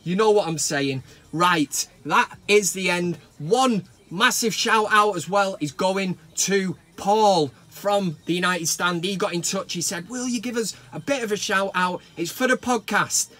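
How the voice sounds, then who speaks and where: A man giving a blunt, sweary fan rant that builds into a shouted team talk. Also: sits high, measured pace. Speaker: football fan vlogger. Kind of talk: ranting fan vlog.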